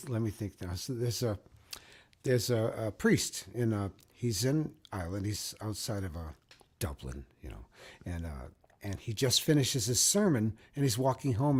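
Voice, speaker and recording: Man telling jokes with lively laughs. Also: on the low side, slightly rough. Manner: animated, laughing storyteller. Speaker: co-host. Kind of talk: casual joke-telling chat.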